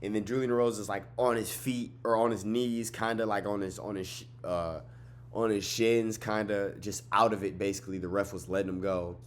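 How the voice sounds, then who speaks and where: Young man, lowish voice, excitable, swears a lot, tired and yawning. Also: brisk. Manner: excitable, swearing, repeats phrases, trash-talks. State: tired, yawning late at night. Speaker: MMA fight recap host. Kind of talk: casual fight breakdown vlog.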